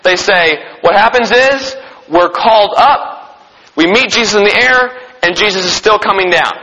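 A man teaching a Bible lesson. He asks the listeners questions and answers them himself, and he reads scripture aloud slowly. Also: sits high, pushed and bright, breathy edge, long reverb tail, low-quality recording. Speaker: preacher teaching a Bible study.

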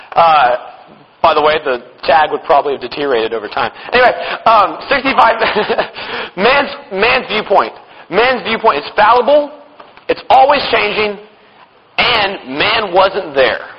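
High-voiced joking man teaching in church. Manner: joking, with sarcastic asides and chuckles. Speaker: speaker teaching at a church conference. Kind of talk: humorous Bible teaching talk. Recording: dull, lo-fi hall recording with long reverb.

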